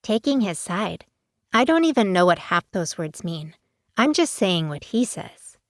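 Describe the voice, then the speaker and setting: A woman voicing a bubbly, mischievous teenage werepanda girl in a storybook, whining and wheedling in a much higher, drawn-out voice. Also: very animated, no echo, studio quality. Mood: playful. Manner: whiny, wheedling and pleading.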